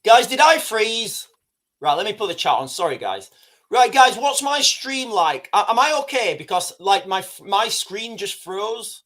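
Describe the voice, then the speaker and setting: A man's voice: high voice, very animated, unhurried, fairly bright tone. A man hosting a casual livestream, rambling, repeating himself and talking straight to his chat. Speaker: livestream host.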